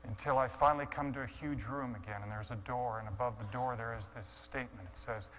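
A man telling a dramatic sermon story, swinging from hushed, quiet passages to impassioned shouting. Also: medium pitch, moderate pace, a little hiss or hum, rough recording. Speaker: guest speaker.

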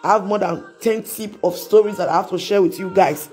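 A woman's voice: mid-range voice, a little fast, darkish tone. A woman with a Nigerian accent, chatting casually on a live stream and sliding between Pidgin and English, with frequent laughs. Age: adult with children.

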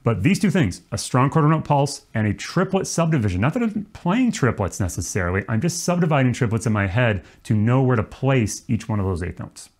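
A man teaching trombone, explaining swing feel in a relaxed, demonstrative way. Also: medium pitch, fairly quick, few pauses. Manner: relaxed, demonstrative, counts off and sings rhythm syllables. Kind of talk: music lesson.

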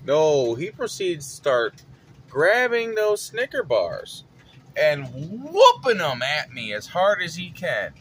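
A man telling a story from his retail job in an animated, dramatic way. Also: fairly high pitch, slow pace, a little hiss or hum. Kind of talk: casual storytelling vlog.

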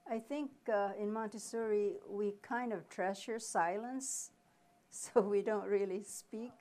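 A woman presenting a reading workshop, explaining slowly with pauses and asking questions, then answering them herself. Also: medium pitch, a little mellow. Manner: slow, deliberate explaining with pauses. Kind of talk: live teaching workshop.

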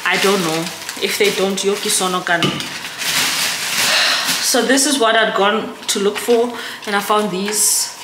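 A woman's voice: mid-range voice, fairly even intonation, a little slow. A young South African woman vlogging casually to camera, chatty and emotional, often turning to her viewers. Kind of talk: casual vlog chat to camera. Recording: echoey room with background noise.

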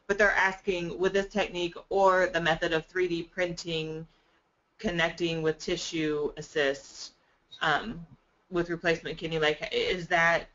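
A webinar moderator who reads out audience questions in a relaxed, conversational manner. The voice has a middle pitch. The sound is dull and slightly lo-fi. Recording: muffled webinar audio.

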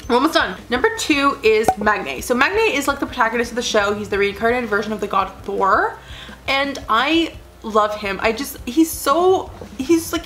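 A woman's voice: fairly high pitch, fairly bright tone. A young adult woman chatting casually as a vlogger, rambling earnestly with lots of "like" fillers. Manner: rambling, full of "like" fillers, gushing; emotional, earnest. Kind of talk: casual chat.

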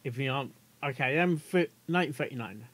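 A man's voice: medium pitch, fast, fairly bright tone, a little hiss or hum. A man hosting a casual reaction video, chatty and giggly, often tripping over his words.

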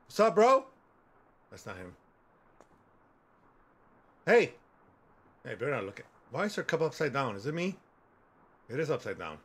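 A husky, mid-range male voice, very animated and at a moderate pace with long pauses. He's a gaming streamer in his forties doing casual, jokey commentary, loud and swearing freely as he talks back to the characters on screen.

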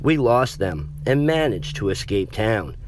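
A man reading a horror story as a narrator in a measured, dramatic way. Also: lowish voice, sing-song, a little hiss or hum.

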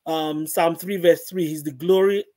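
A woman's voice: low-pitched, steady tone, normal speed, dark tone. Earnest woman giving faith testimony. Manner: earnest, repeats phrases for emphasis. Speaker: guest.

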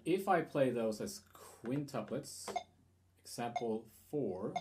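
A man's voice: mid-range voice, lively intonation, slow pace. A man giving a guitar lesson, explaining rhythm in a hesitant way with fillers and restarts. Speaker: guitar teacher.

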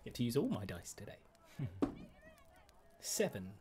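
A man's voice: lowish voice, big pitch swings, measured pace, noisy background. A man playing his character in a tabletop game, politely courteous and a little flustered. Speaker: player. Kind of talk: in-character role-play.

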